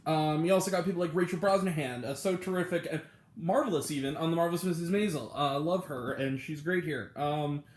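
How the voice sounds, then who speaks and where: A man with a slightly raised pitch talks through a film review in a loose, casual way, stopping often for ums and restarting his sentences. His voice rings in an echoey room. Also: brisk. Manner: rambling, full of ums and self-corrections. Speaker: movie review host.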